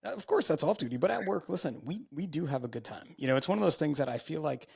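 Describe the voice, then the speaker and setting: A male podcast host with a raspy, gravelly voice talks in a relaxed and reflective way. The sound is dry and close, with no room echo. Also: fairly high pitch, fast. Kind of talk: casual chat.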